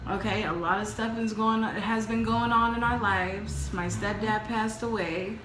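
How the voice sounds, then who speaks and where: A woman co-hosting a casual mukbang vlog, talking openly and emotionally in halting restarts. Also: mid-range voice, fairly even intonation, background noise. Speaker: vlog co-host. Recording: echoey room.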